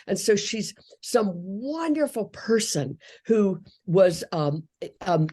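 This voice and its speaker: A woman's voice: medium pitch, slow pace, husky. Older woman telling a heartfelt story. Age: 60s. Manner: earnest, animated storytelling with quoted voices. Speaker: guest, speech therapist. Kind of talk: storytelling in a podcast interview.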